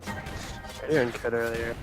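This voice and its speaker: A man's voice: mid-range voice, slow pace. Guy in a mid voice chatting while he games, faint music under it. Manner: relaxed, jokey, laughs often. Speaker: streamer playing as mage. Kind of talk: casual gaming chat.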